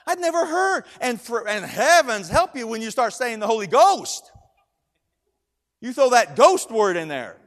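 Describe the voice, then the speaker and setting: A high-pitched middle-aged man preaching in a church, circling back on his phrases as he tells a story. His voice swells into loud, emphatic declarations. It rings with the long reverb of a large hall. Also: big pitch swings, measured pace. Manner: storytelling preacher, repeats words, rising to loud emphatic shouts. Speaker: pastor. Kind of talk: sermon.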